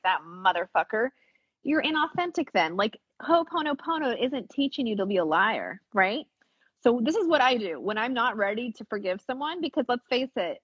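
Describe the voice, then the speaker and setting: Husky higher-pitched woman, earnest and frank. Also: dry recording. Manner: earnest, frank, emphatic, swears casually. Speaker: spiritual teacher. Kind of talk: casual podcast chat. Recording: dull lo-fi recording.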